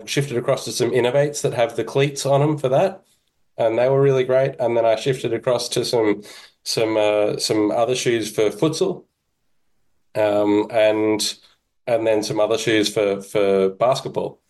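Relaxed man, self-deprecating. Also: mid-range voice, unhurried. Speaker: podcast guest, kettlebell instructor. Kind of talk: casual interview chat.

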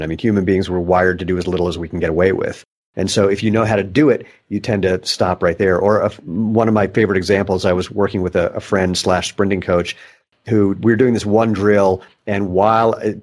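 Low-voiced man hosting a movement podcast. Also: a little fast, a little mellow, husky. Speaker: podcast host. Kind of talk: casual conversation.

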